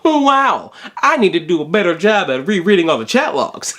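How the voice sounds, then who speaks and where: A man's voice: big pitch swings, normal speed, bright, forceful tone, soft background music. A young man casually reading out chat logs with sarcastic, mocking asides. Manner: sarcastic, mocking asides with sudden jumps in pitch.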